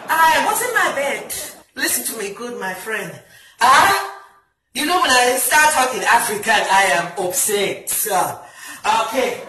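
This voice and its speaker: A woman with a Jamaican accent doing a comic phone-call monologue, loud and indignant, mixing patois with New York slang. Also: high voice, very animated, unhurried, roomy sound, distant mic, some chatter behind. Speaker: comedy sketch performer.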